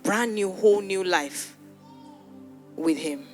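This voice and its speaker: A woman pastor speaks slowly at a medium pitch as she leads an altar call and prayer before a live audience in a church hall. Soft music plays in the background while she pleads earnestly, often saying her words again.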